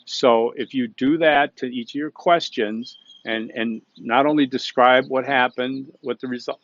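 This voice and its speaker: A man's voice: mid-range voice, steady tone, a little slow, fairly bright tone, dry recording, highs cut off. A man giving recorded class instructions in a conversational way, often checking in with "okay?" and restarting sentences. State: hiccups.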